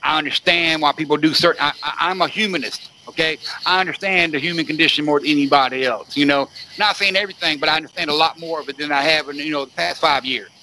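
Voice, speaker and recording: A high-pitched man hosts a podcast and rants emphatically. His bright, forceful tone keeps pressing the same points, and he swears constantly. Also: fast, few pauses, a little hiss or hum. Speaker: podcast host. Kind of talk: profane ranting podcast chat.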